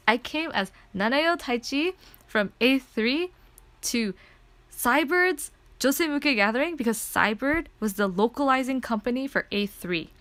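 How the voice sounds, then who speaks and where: A woman streamer telling a story in casual chat, excitable and rambling, with lots of filler words. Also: on the high side, no echo.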